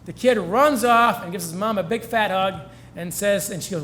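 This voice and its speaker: A man's voice: high voice, normal speed, fairly bright tone, slight background noise. A man giving a speech at a celebration, telling earnest stories and getting emotional. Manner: earnest storytelling, gets choked up. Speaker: featured speaker. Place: event hall.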